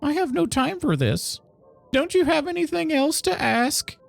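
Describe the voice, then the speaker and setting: A woman's voice: high-pitched, big pitch swings, unhurried, creaky, no echo, soft background music, pitched above the performer's own voice, exaggerated voice. A woman voicing a grumpy, curt old landlady while reading game dialogue aloud.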